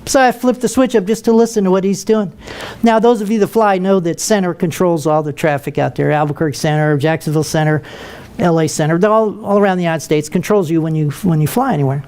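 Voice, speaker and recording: Older man telling a lively story. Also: high-pitched, quick pace, clear, resonant tone. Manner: lively, humorous, acts out voices. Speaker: retired military pilot and speaker. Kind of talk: storytelling talk to an audience.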